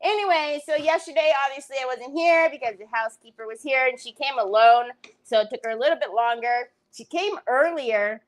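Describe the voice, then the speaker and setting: A woman hosting a craft livestream from home, chatting casually with live viewers, greeting them by name and breaking into loud laughs and exclamations. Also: high voice, fairly quick, poor audio.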